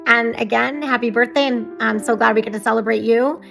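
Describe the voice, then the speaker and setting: A woman recording a heartfelt birthday message to a friend, speaking tenderly and haltingly, with many pauses and fillers. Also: on the high side, steady tone, vocal fry, a bit bright, soft background music. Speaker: friend giving a birthday tribute.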